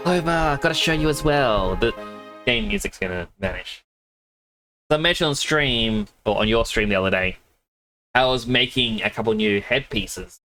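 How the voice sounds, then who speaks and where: A man's voice: mid-range voice, normal speed, pushed and bright, rough recording. A young man with a mixed Australian accent chatting casually on a game live stream, rambling and laughing often. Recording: game music playing underneath. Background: game music.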